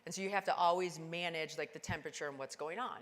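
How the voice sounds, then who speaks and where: A woman giving a keynote talk, telling a climbing story and acting out the dialogue with lively, animated delivery. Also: fast talker. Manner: animated, acts out dialogue with big pitch jumps. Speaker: keynote speaker. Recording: long hall reverb.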